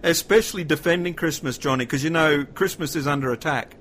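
A male host in casual chat, keeping the talk moving with agreeable interjections and questions. His voice sits a little high for a man. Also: a bit bright, slight background noise. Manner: agreeable, quick to chime in and ask questions.

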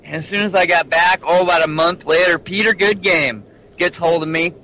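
A man guest in casual chat who has a lisp on his S and TH sounds because he speaks without teeth, excitable, calling people "baby". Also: fairly high pitch, a little fast, slight background noise, low-quality recording. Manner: excitable, calls others "baby".

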